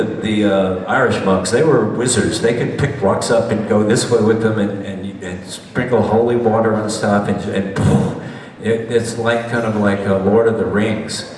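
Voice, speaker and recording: A man's voice: on the low side, slight background noise. A man giving a chatty, rambling slideshow travel talk and questioning his audience. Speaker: presenter, doctor. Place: large meeting hall. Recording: echoey hall, voice from far off.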